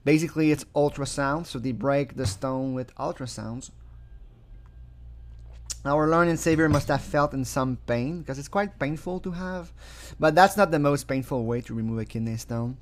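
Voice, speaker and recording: A man's voice: on the high side, moderate pace. A man who is not a native English speaker, giving casual, sarcastic commentary, often breaking into mocking laughter.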